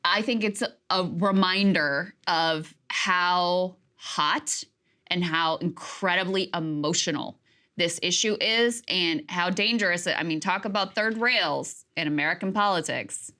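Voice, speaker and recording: Bright-toned female news co-host. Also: fairly low pitch. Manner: quick conversational, chimes in and hedges. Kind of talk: political news commentary.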